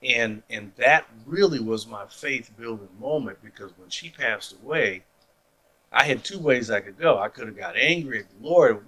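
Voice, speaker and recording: A man's voice: mid-range voice, expressive, moderate pace, sharp tone, rough recording. A man giving a personal faith testimony as a story, acting out the people he quotes. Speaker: testimony speaker.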